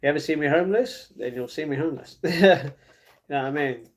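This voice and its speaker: A man's voice: fairly high pitch, quick pace, a little hiss or hum. A man from London with a London accent, chatting casually on a live stream, reading out chat messages and answering them with frequent chuckles. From London, England. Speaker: livestreamer. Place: at home.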